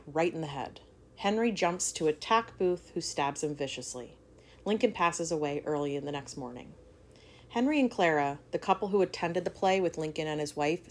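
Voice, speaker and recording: Woman host, low voice, reads a history tale with casual asides. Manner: reads aloud then breaks off to joke and swear. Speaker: podcast co-host reading a history story. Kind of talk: casual storytelling chat.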